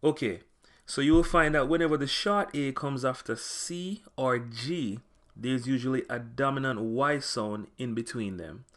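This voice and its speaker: A man narrating a scripted language lesson, speaking clearly and slowing down to spell out example words. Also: mid-range voice, a bit bright. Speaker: language teacher.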